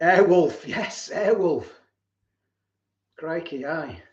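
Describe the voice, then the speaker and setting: A man's voice: fairly high pitch, animated, extremely slow. A man, hosting a casual live stream, reading out viewer comments and laughing often as he reminisces. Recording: roomy, slightly dull live-stream audio.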